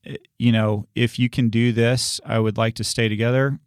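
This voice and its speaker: A man speaking as a pastor in a relaxed sermon discussion, earnest and reassuring, often restarting his sentences. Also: medium pitch, moderate pace, smooth, no room sound, studio quality.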